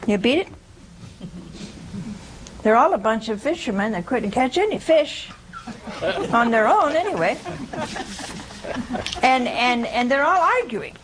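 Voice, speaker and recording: A woman's voice: on the high side, lively intonation, measured pace, long pauses, a little hiss or hum, rough recording. A woman giving an informal sermon, quizzing her listeners, chuckling and acting out quoted speech. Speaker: religious teacher. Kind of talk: informal sermon with audience questions.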